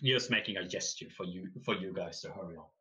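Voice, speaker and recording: A man narrating a tabletop game as game master, slow and halting with many fillers. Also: low voice, sharp tone, breathy edge, low-quality recording.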